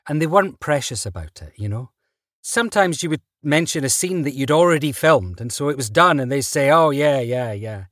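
A man, an actor guest, telling stories in a relaxed interview, chatty and quick to laugh. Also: on the high side, no echo, clean studio sound. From Britain. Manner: chatty, laughs often, restarts mid-sentence.

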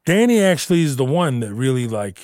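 A comedian in his thirties chatting casually, animated and playful, swearing freely as he tells stories. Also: medium pitch, a little fast, dry recording, studio quality. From Houston, Texas. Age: 30s. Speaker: comedian co-host. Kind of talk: casual chat.

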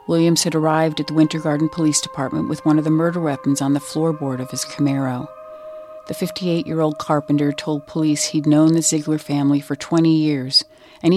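Steady documentary narrator over soft music. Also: medium pitch. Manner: measured, even storytelling.

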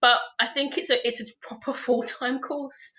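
A young woman chats as a podcast guest, her voice bright and ringing. She talks about her work in a chatty, self-mocking way, laughing through much of what she says. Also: high-pitched, fairly even intonation, moderate pace. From South London, England. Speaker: guest, physiotherapist. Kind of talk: casual podcast chat.

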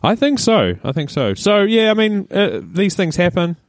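A man, co-hosting a podcast in casual chat, teasing and jumping in quickly. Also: sits high, very animated, dry recording. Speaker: podcast co-host.

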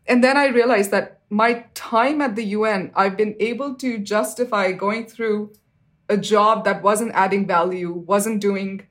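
A woman in her thirties speaks at a middle pitch as an interview guest, telling her own story with earnest conviction. She leans on casual fillers and leaps high in pitch whenever she acts out a remembered exchange. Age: 30s. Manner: frequent fillers like "like, you know".

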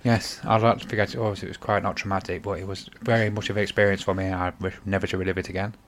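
A middle-aged man with a fairly low voice chats casually on a family podcast. He rambles through his stories, doubling back to correct himself as he goes. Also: level tone, quick pace, a little hiss or hum. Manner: rambling, self-correcting storyteller. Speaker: podcast host, father.

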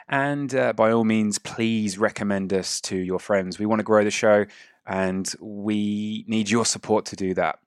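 A man's voice: fairly low pitch, steady tone, a little slow, clean tone, dry recording, clean studio sound. A man hosting and narrating a tabletop game as game master, describing scenes at length with many fillers.

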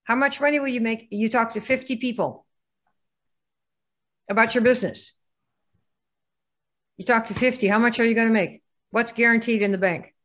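A woman's voice: fairly high pitch, steady tone, moderate pace, long pauses, fairly bright tone. Rhetorical woman quizzing her audience. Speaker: business trainer. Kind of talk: live training presentation.

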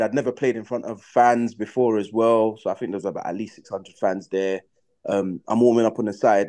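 Brief: young man, footballer guest, animated slangy storyteller, mid-pitched voice. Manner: animated, slangy, acts out his own past reactions. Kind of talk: casual storytelling in a podcast interview.

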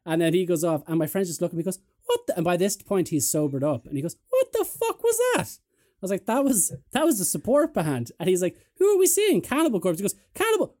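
A man hosts a casual podcast chat, spinning anecdotes with energy and acting out other people's lines. His voice sits a little high. It has a soft, mellow warmth. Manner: lively storyteller, mimics voices. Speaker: podcast host.

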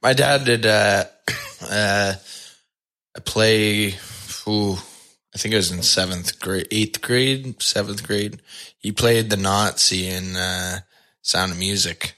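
A man hosting a podcast, who tells stories in an animated way and laughs often. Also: on the low side, slow. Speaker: podcast host. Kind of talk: casual interview chat.

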